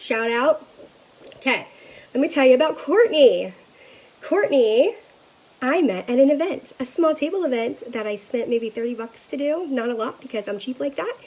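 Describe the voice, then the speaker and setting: A woman leading a sales team, giving an energetic motivational talk to camera and often checking in with a quick "okay?". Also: on the high side, poor audio. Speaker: direct-sales team leader.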